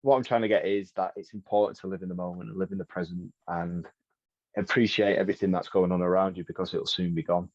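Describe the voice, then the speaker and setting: Man, reflective rambler, low voice, muffled dry podcast audio. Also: steady tone, fast, no room sound. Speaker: guest. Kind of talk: casual podcast chat.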